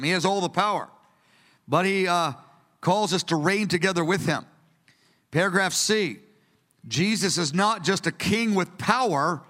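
A man in his sixties preaching a teaching sermon from printed notes, earnest and storytelling, with bursts of excited emphasis. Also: sits high. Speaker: preacher teaching a study session. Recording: long reverb of a hall.

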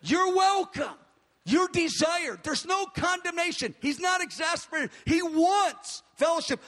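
A man preaching a sermon with emphatic, repeated declarations, slowing down to stress key words. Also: very high-pitched, animated, fairly bright tone, big-room sound.

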